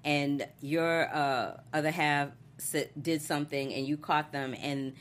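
Low-voiced animated woman co-host. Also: a little slow, slight background noise. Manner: animated, laughs often, acts out characters' lines. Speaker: co-host of a TV recap show. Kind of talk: casual chat.

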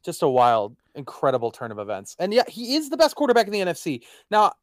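A man with a high-pitched voice trades wry, teasing banter on a casual sports podcast. He reads listener questions aloud to his co-hosts. The recording is dry and close, with no room sound. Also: wildly swooping pitch, fast talker, dry recording. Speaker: podcast co-host.

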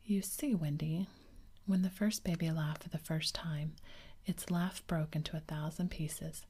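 A woman's voice: deep voice, steady tone, a little slow, dark tone. Woman whispering as Peter, a carefree boy. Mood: eager. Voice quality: breathy whisper. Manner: eager, boyish, carefree. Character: cheerful boastful boy who never grows up. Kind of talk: whispered role-play.

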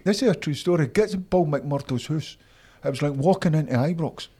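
A Scottish man in his fifties, a former footballer, telling lively anecdotes in a casual interview and acting out the people he quotes. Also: a little high, brisk, breathy edge. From Scotland. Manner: animated anecdotes, acts out quoted voices.

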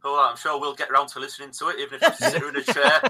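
A man's voice: fairly high pitch, big pitch swings, racing, vocal fry, sharp tone. A man with an English accent, a singer-songwriter guest on a podcast, speaking in a modest, good-humoured, understated way. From England. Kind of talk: casual interview chat.

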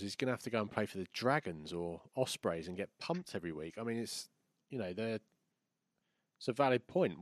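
Blunt low-voiced man in dry sound. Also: no room sound. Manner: blunt and shouty, swears. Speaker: podcast co-host. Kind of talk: opinionated sports chat.

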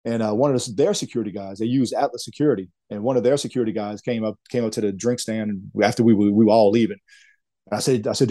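A middle-aged man spins long, rambling stories in an interview. His voice is warm and mellow, and his manner is casual and animated, with plenty of "man" and "dude" along the way. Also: on the low side, fast talker, no room sound. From Louisiana. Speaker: retired wrestler, guest. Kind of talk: interview storytelling.

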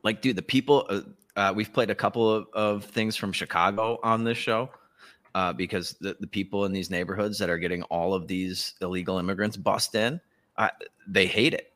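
A man's voice: lowish voice, fairly even intonation, moderate pace, a bit bright. A man hosting a podcast in casual political chat, sarcastic and profane, laughing often between remarks. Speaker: podcast host.

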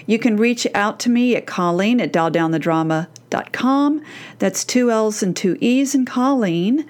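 A middle-aged woman hosting a podcast lesson as a parenting coach. She speaks at a mid pitch in an earnest, emphatic manner. She slows down to stress key phrases. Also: a little mellow. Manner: earnest and emphatic, slowing down to act out quoted teens.

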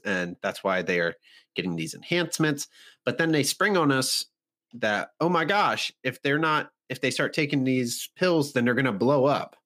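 A man's voice: medium pitch, a bit bright. A man co-hosting a movie podcast, recapping a plot in a rambling way with fillers. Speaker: podcast co-host. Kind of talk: casual movie review chat.

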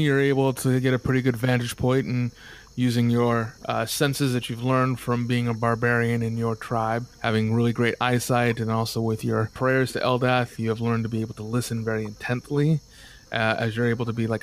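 A man running a tabletop game as game master, describing scenes in a hesitant way with many fillers. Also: mid-range voice.

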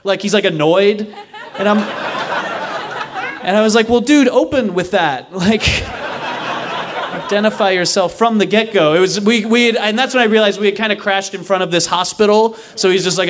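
A young man telling a story to a live audience, animated and self-mocking, acting out the people he quotes. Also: high voice, normal speed.

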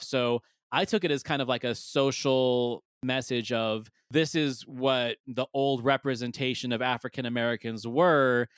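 A man talks through a movie on a podcast, analytical and wry. His voice sits at a middle pitch. The recording is dry and close. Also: fairly bright tone, no echo. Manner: thoughtful, analytical, dry humor. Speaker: podcast guest. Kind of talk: casual movie review chat.

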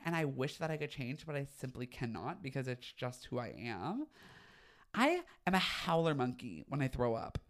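A young man hosting his own podcast, talking in a campy, dramatic, gossipy way and swearing freely. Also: on the high side. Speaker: podcast host. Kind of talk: casual solo podcast chat.

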